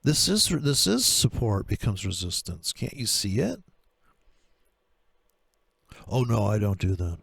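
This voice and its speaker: A man talking through trading charts in a profane, sarcastic rant, with a gravelly voice. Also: on the low side, very animated, unhurried, pauses often, a bit bright, no echo. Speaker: trader. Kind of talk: screen-share trading commentary.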